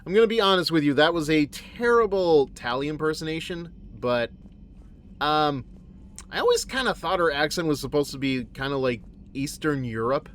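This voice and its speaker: A male streamer chats casually over his game, rambling and correcting himself. His voice sits slightly high and swings widely in pitch. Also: moderate pace, a little hiss or hum. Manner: rambling, animated, self-correcting.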